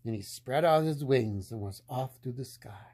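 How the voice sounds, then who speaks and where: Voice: mid-range voice, normal speed, darkish tone. A storyteller reading a picture book aloud in a playful way, often laughing along with the story.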